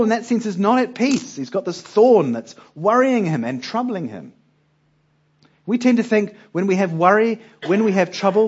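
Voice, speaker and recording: A man's voice: fairly high pitch, darkish tone, husky, muffled recording. A male preacher giving a conversational Bible teaching, often putting rhetorical questions to his listeners.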